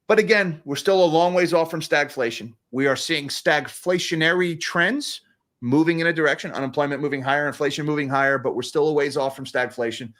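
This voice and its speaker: A man's voice: on the high side, a little fast, fairly bright tone. A man hosting a casual livestream about economics, reading super chats with a sarcastic, chuckling manner and frequent restarts.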